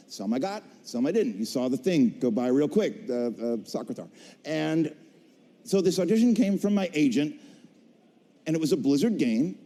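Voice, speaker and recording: A middle-aged man telling his career story on a convention stage, an animated storyteller who acts out voices and jokes. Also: on the high side, vocal fry. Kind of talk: stage talk to a convention audience. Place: large convention hall stage. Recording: long hall reverb.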